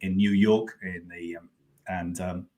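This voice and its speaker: A man's voice: low-pitched, flat delivery, measured pace, warm tone. Enthusiastic man hosting an online expo. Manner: enthusiastic, effusive welcomes. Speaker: host.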